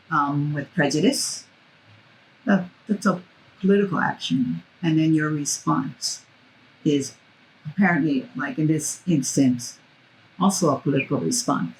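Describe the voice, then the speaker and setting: A woman's voice: sits low, low-quality recording. A woman interviewer who asks questions and carefully clarifies what she means. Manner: measured, careful explanations.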